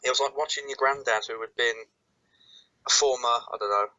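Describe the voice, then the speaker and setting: A man with a bright, somewhat sharp voice co-hosts a casual podcast. He chats in a laid-back way and swears now and then. His audio sounds dull and lo-fi. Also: mid-range voice, steady tone, fairly quick. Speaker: podcast co-host. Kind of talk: casual wrestling review chat. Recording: dull lo-fi mic.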